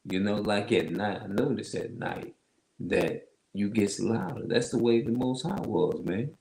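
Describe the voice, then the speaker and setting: Man, heavy loud voice, very deep and gravelly, slow emphatic scripture reading, echoey room. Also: a little hiss or hum. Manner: slow, emphatic, repeats himself. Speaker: online religious teacher. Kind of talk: Bible reading with loose commentary.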